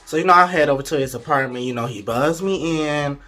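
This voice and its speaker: A man's voice: a little high, brisk, bright, forceful tone, faint music behind. A young man in casual storytime mode, chatty and candid, talking straight to his viewers. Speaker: vlogger.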